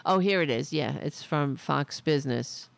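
A woman's voice: low voice, normal speed, vocal fry. A woman hosting a political commentary podcast, delivering a sarcastic, profane, indignant opinion rant.

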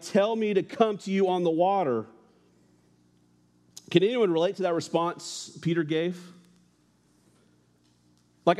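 A young man preaches to a church congregation in a loose, conversational way. His voice sits a little high, and he slips in jokes and asides between the readings. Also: a little mellow. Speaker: pastor. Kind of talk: casual sermon.

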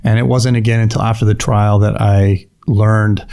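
Low-voiced man telling a vivid story. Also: flat delivery, normal speed, gravelly, warm tone. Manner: vivid retelling, acts out quoted lines, frequent restarts. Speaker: police officer guest. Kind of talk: storytelling interview.

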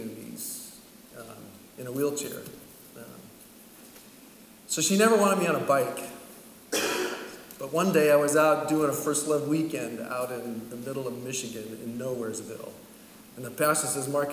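Recorded from a distance in an echoey hall with faint background noise, a middle-aged male pastor with a mid-range voice tells a personal story during his sermon, chatty, relaxed and often laughing.

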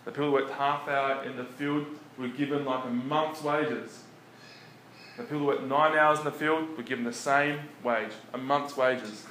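Guy preaching easy and chatty, mid-pitched voice, echoey room. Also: moderate pace. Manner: relaxed, chuckles often between points. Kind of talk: conversational sermon. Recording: echoey room with faint background noise.

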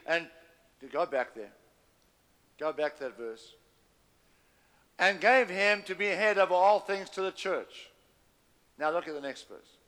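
A man's voice: sits high, expressive, a little slow, pauses often, a bit bright, in a large hall. A man preaching a sermon in an emphatic, repetitive cadence, driving points home line by line.

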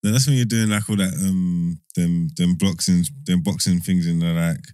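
A young man chats with a friend. His replies are short and skeptical. His voice sits low, and it is recorded close and dry with no room sound. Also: fairly even intonation, normal speed, a little mellow, clear, resonant tone, no room sound. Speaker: friend in a chat. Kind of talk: casual chat.

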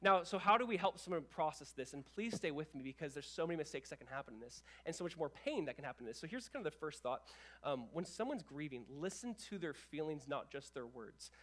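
A young man preaches to his church, talking fast and animated, with casual asides to the congregation. His voice sits fairly high for a man, and he keeps a brisk, lively pace throughout the sermon. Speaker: pastor.

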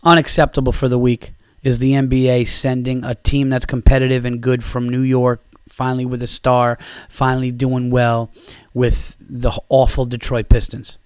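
A man's voice: medium pitch, flat delivery, normal speed, dry recording. A man hosting a podcast, ranting about sports in a sarcastic, profane way. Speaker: podcast host. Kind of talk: casual sports rant.

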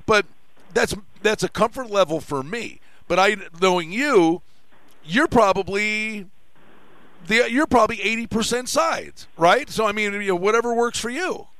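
A man's voice: high voice, lively intonation, moderate pace, a bit bright, dry recording. A man hosting a sports radio show, talking casually about betting and chatting with his guests, often trailing off and restarting.

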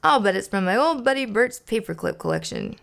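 A woman's voice: medium pitch, expressive, a little fast, creaky. A woman voicing a cheerful, eager male puppet in a storybook read-aloud. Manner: bright and eager.

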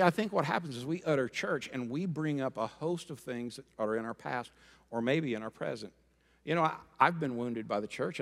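A man preaching a sermon as pastor, lively and joking, calling for responses from the congregation. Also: medium pitch. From Rhode Island and Florida. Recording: long hall reverb.

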